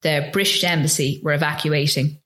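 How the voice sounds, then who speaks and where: A woman with a low voice recounts her own story as an interview guest. She talks earnestly and paints scenes in detail, pausing now and then to find her words. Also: steady tone, a bit bright. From Ireland. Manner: earnest, vivid storytelling with hesitations. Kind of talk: telling a personal story in conversation.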